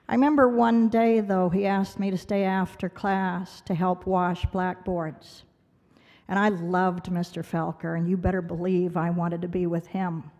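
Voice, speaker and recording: In a large gala banquet hall, a woman delivers a heartfelt award speech, dramatically telling a personal story and acting out other people's voices. Her voice is mid-range and a little mellow, and the venue adds a long hall reverb.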